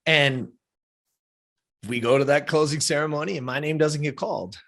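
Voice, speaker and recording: A man's voice: on the high side, normal speed, a bit bright. A man of fifty, a podcast guest, telling a personal story in a heartfelt, casual way, often checking in with "right?" and "you know?". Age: 50s.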